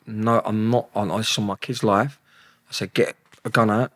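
Fairly low-pitched and flat in delivery, this man speaks at a moderate pace with a slightly bright tone on a dry recording. He's an interview guest with a London accent, telling blunt, slangy, expletive-heavy stories and acting out dialogue.

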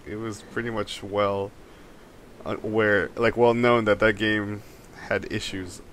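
A man's voice: lowish voice, little pitch movement, slow, fairly bright tone. A young man co-hosting a casual gaming podcast, laid-back and sarcastic, often saying "dude". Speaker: podcast co-host.

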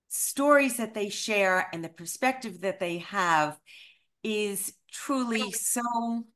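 A woman, a cookbook author telling anecdotes to an audience with animated, self-deprecating humor. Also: mid-range voice. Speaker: cookbook author, guest speaker.

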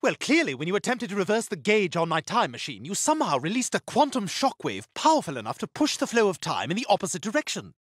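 A man's voice: high-pitched, huge pitch swings, quick pace, few pauses, fairly bright tone, husky, no echo, clean studio sound, full character voice. An actor voicing a precocious, scheming infant boy in a cartoon, with prim, theatrical diction and overdramatic outbursts. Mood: lecturing. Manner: shrieks in disgust, overdramatic. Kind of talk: cartoon voice acting.

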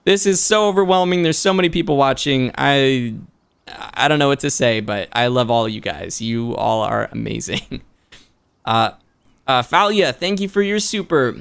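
A man hosting a livestream, excitedly reading out viewer donations, talking quickly and laughing often. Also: mid-range voice, creaky, clean tone. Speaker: streamer and voice actor.

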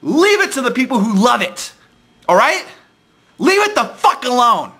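A man's voice: very high voice, very animated, moderate pace, bright, forceful tone. A young man ranting angrily about a wrestling show, swearing constantly and restarting his sentences. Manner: angry, profane, repetitive restarts. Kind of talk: profane fan rant monologue.

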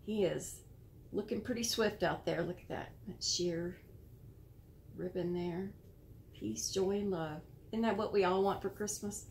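An American woman hosting a casual show-and-tell of handmade cards, admiring and gentle, sometimes searching for words. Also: on the low side, measured pace, vocal fry, a little hiss or hum. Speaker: card-making channel host.

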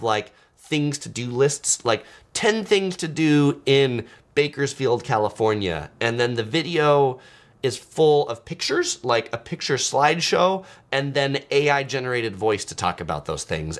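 A man hosting a travel livestream, talking casually and answering viewer comments, with a relaxed, chatty delivery full of "uh" fillers. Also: medium pitch. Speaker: travel channel host.

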